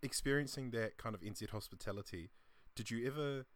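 Relaxed man host, dry close sound. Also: medium pitch, a little fast, no echo. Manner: relaxed, asks loose rambling questions. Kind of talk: casual chat.

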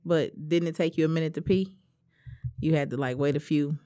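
A woman's voice: low voice, steady tone, brisk, dark tone. A woman in her thirties co-hosting a podcast, telling blunt, frank stories with slang in casual chat. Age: 30s. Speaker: podcast co-host.

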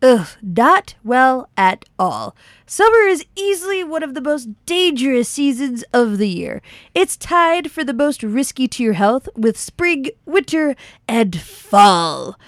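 A woman's voice: high voice, sing-song, takes it slowly, dry recording, clean studio sound, exaggerated voice. A woman playing an anxious, sarcastic hypochondriac health reporter in a comedy radio sketch. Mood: fretful. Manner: fretful, sarcastic worrying.

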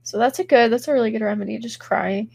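A woman's voice: fairly high pitch, fast, gravelly, a little mellow, slightly rough. A young woman hosting a casual livestream podcast, chatting with her chat while sick and stuffy, with lots of giggles and filler words. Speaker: podcast host reading chat.

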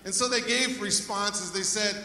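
A man's voice: sits high, steady tone, moderate pace, pushed and bright. A male pastor preaching a sermon in a church, speaking with energy and calling out to the congregation for praise. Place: church sanctuary. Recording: echoey hall, voice from far off.

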